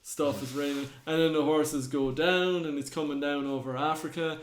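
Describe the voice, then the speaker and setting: A man's voice: on the high side, steady tone, moderate pace, hardly any pauses, slight background noise. A man, co-hosting a podcast, casually retelling myths and acting out the characters' lines. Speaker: podcast co-host. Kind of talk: casual storytelling chat. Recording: roomy echo.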